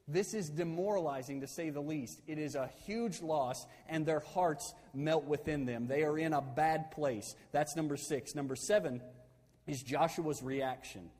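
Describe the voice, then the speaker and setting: A man's voice: fairly high pitch, unhurried, a little mellow, big-room sound. A man preaching a sermon conversationally, asking his listeners questions and repeating key phrases.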